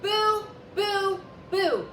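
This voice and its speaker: A woman voicing a timid little boy ghost in a storybook, who sighs and then wails and shouts his boos. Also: high-pitched, expressive, a little slow, a little hiss or hum. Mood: shouting. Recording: echoey room with background music.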